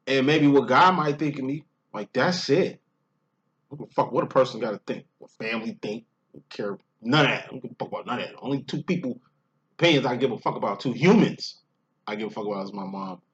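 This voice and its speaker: A man's voice: mid-range voice, a bit bright. A man giving a casual spiritual monologue as a twin flame reader, talking in rambling, profane street slang. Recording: dull lo-fi audio.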